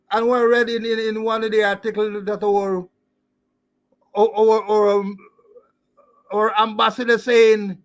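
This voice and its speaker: Man, Guyanese accent, very high voice, stammering, emotional. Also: a bit bright. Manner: stammering, repeats words, emotional. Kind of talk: impassioned political talk.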